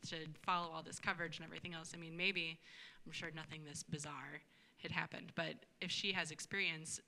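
A woman's voice: low voice, flat delivery, fairly quick, bright, forceful tone, rough recording. A woman on a casual book-club podcast, thinking things through aloud. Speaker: podcast panelist.

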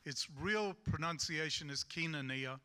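A man's voice: a little high, expressive, measured pace, sharp tone. A man with a Southern US accent preaching a sermon in a folksy, rambling way, with self-deprecating humor.

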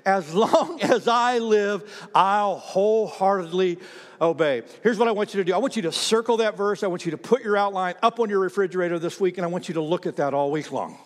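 A man preaching a sermon as pastor, animated, repeating himself and calling on the congregation to read aloud. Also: high-pitched, very fast, hardly any pauses, in a large hall. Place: church sanctuary.

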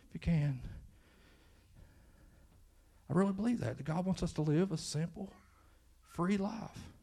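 A man's voice: fairly high pitch, a little slow, creaky, long pauses, dark tone. A man with a Kentucky accent, preaching a sermon in church in a conversational style that rises into fervent emphasis. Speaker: pastor.

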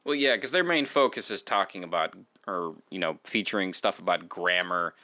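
A man with a low but bright voice hosts a casual interview. He circles around his questions with plenty of fillers. The sound is dry and close. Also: moderate pace, no echo. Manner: rambling, filler-heavy questions. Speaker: podcast host.

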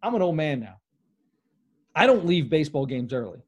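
A man hosting a casual sports talk show, opinionated and animated, with many restarts. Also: fairly high pitch, moderate pace, pauses often.

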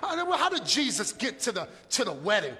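A middle-aged man preaching a sermon in a humorous, conversational way, now and then shouting for emphasis. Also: high voice, wildly swooping pitch, brisk. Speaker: pastor. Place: church hall. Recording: long echo of a large hall.

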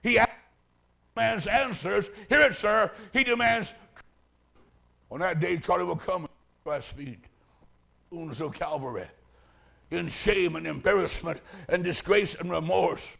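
A man preaching a sermon, telling a story dramatically and swinging from hushed tones to shouting. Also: high voice, a little slow, creaky, long pauses.

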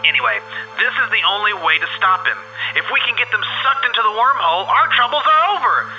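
A man in a comedy sketch podcast, excitedly and dramatically explaining a wild plan. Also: sits high, fast talker, muffled recording, faint music behind. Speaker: co-host playing inventor.

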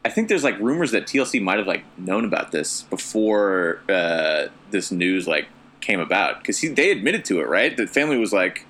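Slightly low, bright-toned man chatting wryly. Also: sing-song, normal speed. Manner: hesitant, lots of fillers and restarts, wry. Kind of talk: casual comedic chat.

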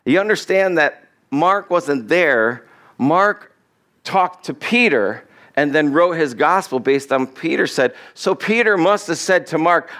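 A man's voice: on the high side, lively intonation, a little slow, a bit bright. A male pastor giving a conversational sermon, acting out the lines he quotes and chuckling as he goes.

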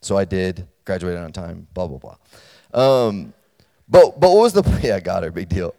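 A low-pitched man speaking at normal speed gives a sermon to college students, chatting conversationally and checking in with the room. His delivery turns loud and animated during a personal story, with a long hall reverb on the recording.

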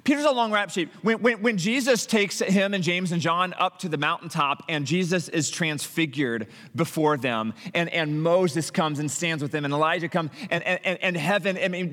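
Pastor preaching a story-driven sermon, fairly high voice, echoing church room. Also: male voice, moderate pace, few pauses. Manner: animated storytelling with frequent restarts and acted-out quotes.

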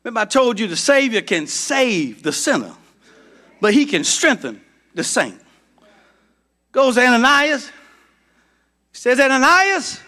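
High, bright-voiced preaching pastor. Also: male voice. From Georgia, United States. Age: middle-aged. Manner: preaching in call-and-response, building to shouts. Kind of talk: sermon.

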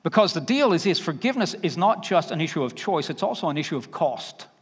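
A man with a Southern accent preaching a sermon, emphatic and conversational, dropping to quiet asides. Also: a little high, sing-song, quick pace, slightly rough. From Alabama. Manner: emphatic, varies loudness, drops to quiet asides. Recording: reverberant hall.

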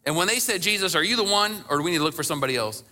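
A man's voice: a little high, lively intonation, rapid-fire, sharp tone. A man preaching a sermon in a conversational way, who acts out scripture quotes and rises to impassioned emphasis. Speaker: pastor.

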